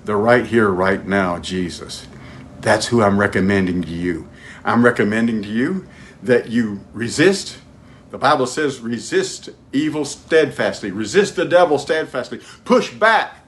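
Animated and moving at a moderate pace, this male preacher questions his audience directly while alternating between forceful, loud highs and hushed, low prayer. The audio carries a slight hiss or hum.

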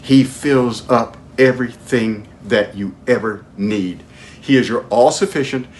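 Speaking a little slowly, a man preaches by asking his congregation pointed questions, his delivery rising to loud emphasis and dropping into soft, low prayer. There is slight background noise.

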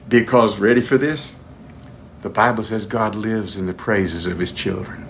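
A man preaching a sermon, asking his listeners direct questions and swinging between loud emphatic highs and hushed low prayer. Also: steady tone, moderate pace, slight background noise.

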